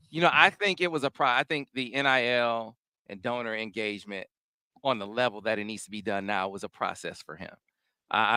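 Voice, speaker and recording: A man hosting a casual sports talk show, speaking in a measured, analytical way with frequent restarts. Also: lowish voice, sharp tone, clear, resonant tone, no room sound.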